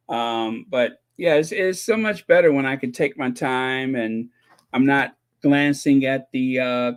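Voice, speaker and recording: A man hosting a casual live stream, reading viewers' comments and talking to them in a joking, sarcastic way, laughing and repeating himself often. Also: medium pitch. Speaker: host of a royal commentary channel.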